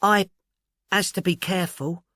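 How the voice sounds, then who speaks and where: Shy Cockney showgirl, high and shaky, voiced by a male reader. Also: steady tone, moderate pace, pushed and bright, dry recording. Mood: timid, frightened. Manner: timorous, stammering. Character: timid young Cockney chorus girl.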